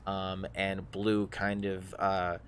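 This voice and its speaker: Brief: game master with a lowish voice, halting narration, faint room ambience. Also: male voice, monotone, a little hiss or hum. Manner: hesitant, many fillers and restarts. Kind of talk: narrating a tabletop game livestream.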